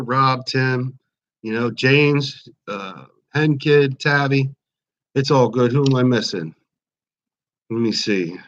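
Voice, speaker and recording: A man's voice: medium pitch, a bit bright. A man, chatting casually on a home live stream, rambling and greeting viewers by name. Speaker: YouTube livestream host. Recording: slightly dull lo-fi stream audio.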